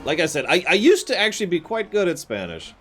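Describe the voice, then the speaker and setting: A man's voice: high-pitched, big pitch swings, fast talker. A man chatting casually with viewers while playing a game on a live stream, self-deprecating and prone to sudden outbursts. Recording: game music behind.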